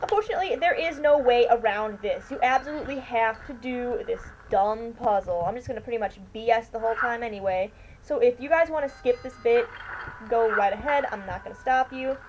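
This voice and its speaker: A woman's voice: fairly high pitch, a little fast, a little mellow, low-quality recording. Tired, chatty woman playing a game. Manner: chatty, rambling, keeps saying "anyway". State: tired and yawning. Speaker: let's player. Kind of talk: casual gameplay commentary. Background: faint washing machine hum.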